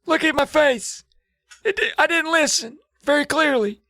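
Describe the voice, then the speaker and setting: A man voicing a panicky teenage boy turned into an old man, whining and pleading in a shrill voice. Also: moderate pace, sharp tone, no room sound, studio quality. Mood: whiny pleading. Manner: shrill, whiny, frantic pleading.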